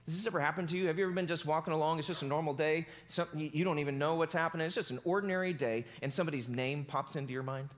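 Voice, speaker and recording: A pastor preaching a sermon in a casual, conversational, animated storytelling manner. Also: male voice, on the high side, racing, hardly any pauses.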